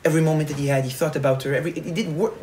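A man, a rabbi, retelling a parable in a sermon, animated and repetitive. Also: on the high side, racing, slight background noise, low-quality recording. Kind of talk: sermon storytelling.

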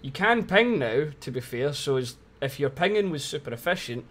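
A man's voice: medium pitch, lively intonation, moderate pace, a bit bright. A young man chatting casually on a live game stream, laughing often and swearing freely.

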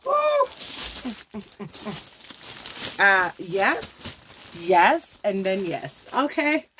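A woman's voice: medium pitch, fairly bright tone, slight background noise. A young woman vlogger gushing over a sponsored coat as she unboxes it, calling viewers honey and tagging her sentences with okay. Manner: tags many phrases with okay. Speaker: fashion vlogger. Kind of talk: sponsored product review and unboxing.

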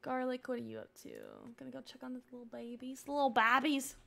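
A young woman chatting through her gameplay on a live stream, excitable and gushing, often talking to the game characters. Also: high-pitched, quick pace, creaky.

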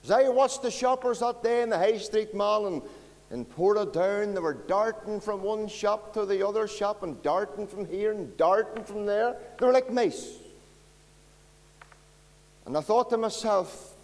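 At a church carol service, a Northern Irish pastor chats with the kids in the congregation during a folksy storytelling sermon. He speaks at a measured pace in a high-sitting, slightly mellow voice, and the space sounds like a large hall.

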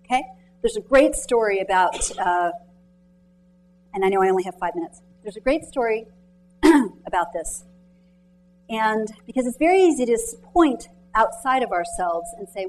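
A woman author giving a motivational talk to students and mentors in a lecture room, telling stories in a chatty, animated way and quizzing the audience directly. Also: mid-range voice, normal speed, soft background music, low-quality recording. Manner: chatty, animated storytelling with many "like"s.

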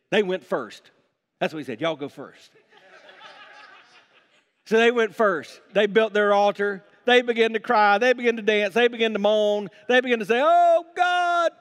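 A man preaching a sermon as pastor, animated and acting out scripture passages with playful voices. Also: high voice, moderate pace, long reverb tail. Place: church sanctuary.

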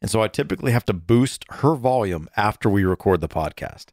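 Low-voiced playful male podcast host. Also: animated, a little fast, darkish tone, no echo, clean studio sound. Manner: playful, teasing. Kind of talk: casual chat. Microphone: studio mic with headphones.

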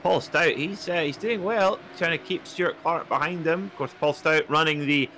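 An excitable man calls a sim race with a bright, forceful voice. He jumps sharply upward at close battles. A faint hiss sits under the recording. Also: normal speed. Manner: excitable, rises sharply in pitch at close moments. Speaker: co-commentator. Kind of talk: sim racing commentary.

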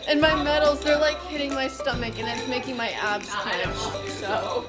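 A young woman with a fairly high voice talks casually to her camera on a bus in the middle of the night. She sounds tired and giddy and laughs between lines. Loud music plays over her voice. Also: takes it slowly. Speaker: vlogger, color guard member. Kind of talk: casual vlog.

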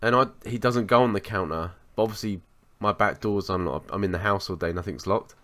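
A lower-pitched man chatting casually on a podcast. He tells a story with plenty of swearing and lively build-up, fairly low in pitch. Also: fairly quick. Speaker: podcast co-host.

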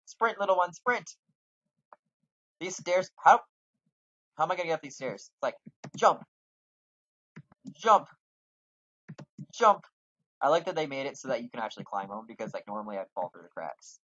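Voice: mid-range voice, quick pace, breathy edge, dry recording, highs cut off. A gamer giving sarcastic, jokey commentary with some swearing while playing a fantasy game. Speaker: let's play gamer.

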